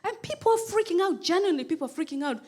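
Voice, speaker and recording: A woman from Kenya performing a stand-up comedy set on a club stage, animated and acting out other people's voices. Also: very high voice, very fast. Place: comedy club stage before a laughing audience. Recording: live club recording with audience laughter and noise.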